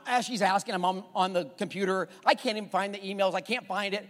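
Higher-voiced pastor preaching in a reverberant hall. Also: male voice, fast, a bit bright. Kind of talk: sermon. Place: church sanctuary. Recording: church hall with long reverb and faint music.

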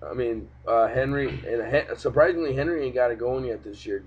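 A man's voice: medium pitch, a little fast, husky. Man ranting about football, lo-fi. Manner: profane, ranting, animated. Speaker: podcast host. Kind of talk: casual sports podcast chat. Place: home room, cat nearby. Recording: dull lo-fi home podcast recording.

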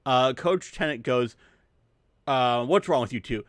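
A man's voice: medium pitch, no room sound, clean studio sound. A man co-hosting a casual podcast, recapping a movie scene by scene with rambling, joking asides. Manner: rambling, jokey, quotes scenes in quick asides. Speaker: podcast co-host.

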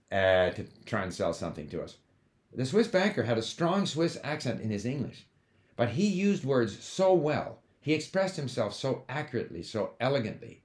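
A man hosting a language-learning video, talking in an opinionated, conversational way with frequent fillers. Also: mid-range voice. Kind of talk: casual monologue to camera. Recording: roomy echo.

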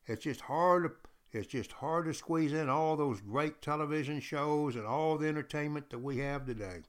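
A Texan teacher gives a history lecture on a podcast, telling stories emphatically and repeating key phrases. His voice is a little high.

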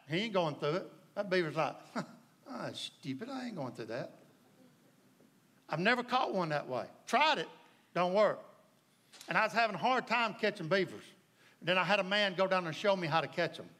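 A pastor with a Southern US accent preaches a sermon in a high-pitched, sharp voice. His style is folksy and full of stories, and he keeps checking whether the congregation is following him.

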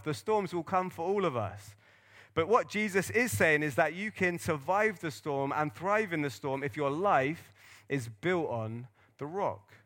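Animated high-voiced male pastor preaching. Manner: earnest, animated storytelling with acted-out quotes. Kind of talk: sermon.

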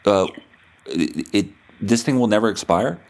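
Podcast dude rambling and swearing, low voice but swings all over. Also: male voice, lively intonation, measured pace, vocal fry, a little mellow. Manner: rambling, profane, jokey. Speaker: podcast host. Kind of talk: comedic monologue and prank-style phone call.

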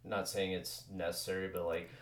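A man's voice: low voice, level tone, normal speed. A man hosting a podcast, chatting casually in a rambling, filler-heavy way and swearing now and then. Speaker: podcast host. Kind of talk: casual chat.

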